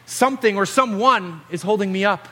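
A man's voice: high voice, normal speed, pushed and bright, full character voice. A man voicing an amazed adult fisherman disciple, speaking in a breathless, wondering inner monologue. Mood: awestruck. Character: awestruck adult male fisherman disciple walking on water.

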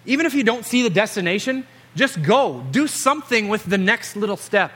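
Male preacher, high bright voice, earnest exhorting sermon delivery. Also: expressive, a little fast.

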